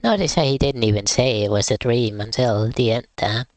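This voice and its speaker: A man's voice: mid-range voice, normal speed, no echo. A man streaming a game live, with casual, wry, rambling commentary.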